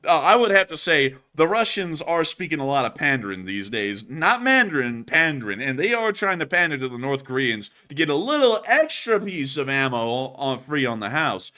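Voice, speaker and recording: Male commentator, bright forceful tone, casual and jokey, rambles with fillers. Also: fairly high pitch, big pitch swings, moderate pace, few pauses. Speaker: war news commentator.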